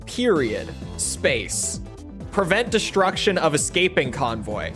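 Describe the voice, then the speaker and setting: A man's voice: fairly high pitch, very animated, unhurried, music in the background. Sarcastic young man streaming a game. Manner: sarcastic, nitpicking, chatty. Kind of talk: casual gameplay commentary.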